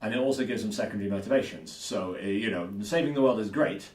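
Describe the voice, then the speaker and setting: His voice sits on the low side, a little mellow, and he speaks at a quick pace. He's a man co-hosting a podcast, casually chatting and thinking aloud with a lot of repetition, recorded from a distance in an echoey room.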